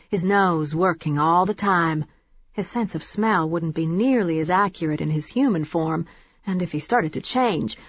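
A woman narrates a first-person audiobook with steady, wry storytelling. Her voice is husky, and the recording is dry and a bit dull. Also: on the low side, no echo.

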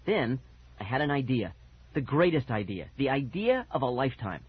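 A man narrating a first-person children's story with lively, animated expression. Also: medium pitch, normal speed, breathy edge. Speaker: audiobook narrator. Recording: dull lo-fi audiobook recording.

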